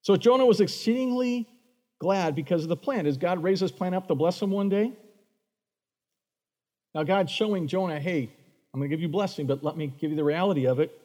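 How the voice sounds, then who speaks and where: A man preaching a sermon, animated, acting out the voices of the figures in the story he tells. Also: sits high, brisk, long pauses, in a large hall. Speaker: pastor.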